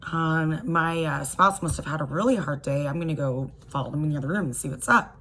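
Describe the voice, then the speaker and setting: A woman voicing a confused spouse who gently and hesitantly tries to smooth things over. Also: low voice, brisk, a little hiss or hum, low-quality recording. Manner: hesitant and conciliatory.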